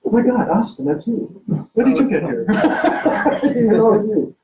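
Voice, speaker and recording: A man giving a lively public lecture as an archivist, joking and quizzing his audience with questions. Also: high voice, moderate pace, slight background noise. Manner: jokey, teasing, quizzes the audience. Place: event room with a live audience. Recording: distant, dull lo-fi room recording.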